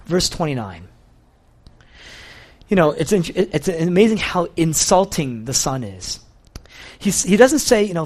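A man preaching a sermon in a fairly high voice. His pitch swoops up and down all the time as he tells the story with animation. He often says key phrases twice to drive them home. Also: very animated, moderate pace, a little mellow.

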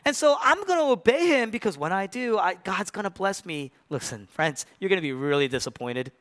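A man delivers a sermon in a lively, somewhat high voice that rises and falls constantly. He moves between forceful emphasis and hushed, near-whispered lines, and acts out the quoted voices of figures from the story. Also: fairly quick. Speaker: pastor.

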